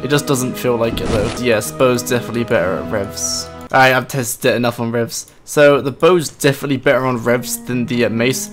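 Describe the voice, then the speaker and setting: Excitable man commentating his game. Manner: excitable, quick swings into high-pitched outbursts; playful, laughs at his own misfortune. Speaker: gaming channel host. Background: game background music.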